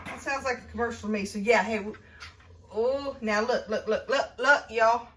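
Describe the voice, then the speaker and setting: A woman's voice: on the high side, steady tone, normal speed, a bit bright, recorded from a distance, a little hiss or hum. A middle-aged woman giving a casual home cooking demonstration in her kitchen, chatty and folksy, laughing often.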